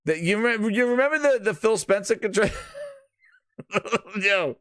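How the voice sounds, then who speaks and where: Solo male gaming host, loud mocking rants, higher voice, dry close mic. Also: moderate pace, dry recording. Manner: profane, mocking, animated. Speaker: podcast host. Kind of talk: casual gaming rant.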